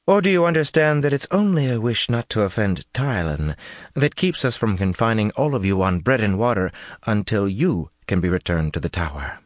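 A man's voice: a little high, sing-song, normal speed, no room sound, studio quality, pitched above the performer's own voice. A man voicing a haughty woman of power who talks firmly and condescendingly. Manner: firm, condescending.

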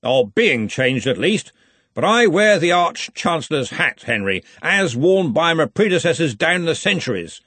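A man voicing a pompous, overbearing old male wizard who heads a college, raised and loud. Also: a little high, very animated, unhurried, no echo, pitched above the performer's own voice, heavily acted. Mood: haughty. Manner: haughty, overbearing, testy.

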